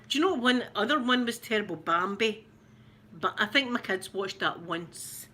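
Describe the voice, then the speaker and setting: Bright-voiced Scottish woman chatting. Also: a little high, lively intonation. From Scotland. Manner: rambling and chatty, quick to laugh, greets viewers by name. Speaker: ASMR livestream host. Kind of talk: casual livestream chat.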